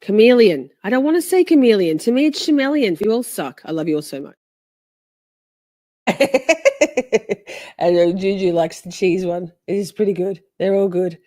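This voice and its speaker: A woman's voice: on the low side, expressive, normal speed, long pauses, dark tone, dry recording, studio quality. A woman hosting a casual livestream, chatting with playful mock outrage and frequent laughter. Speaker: livestream host.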